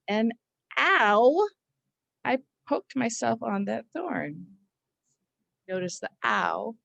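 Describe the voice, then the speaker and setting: A middle-aged woman teaching a slow spelling lesson, overpronouncing each sound and syllable. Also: mid-range voice, gravelly, no room sound.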